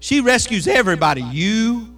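Animated preacher man with a bright, high voice. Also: moderate pace. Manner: animated preaching, call-and-response questions. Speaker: pastor. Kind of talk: sermon.

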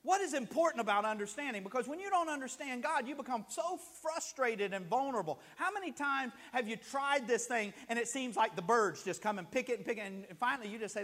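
A man's voice: very high voice, expressive, fairly quick, hardly any pauses, fairly bright tone, big-room sound. A man preaching a sermon as pastor, telling stories and acting out the people in them. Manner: storytelling preacher, acts out scenes with rising emotion. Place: church sanctuary.

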